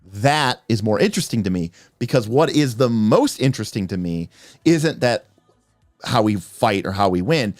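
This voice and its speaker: Animated man talking tabletop games. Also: fairly low pitch, no echo, clean studio sound, soft background music. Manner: animated, acts out players' lines in quick asides. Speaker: game master and podcast host. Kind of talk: livestream talk about tabletop games.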